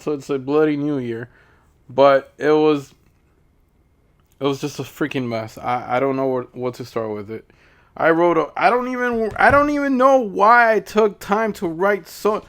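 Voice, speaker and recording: Male horror reviewer, slightly high voice, casual, blunt, swears, rambling restarts. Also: smooth.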